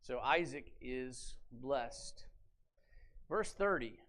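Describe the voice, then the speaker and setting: Bright-voiced, animated male pastor preaching. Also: medium pitch, very slow. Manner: animated storyteller, dramatizing scripture with rhetorical questions. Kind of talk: sermon. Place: church sanctuary.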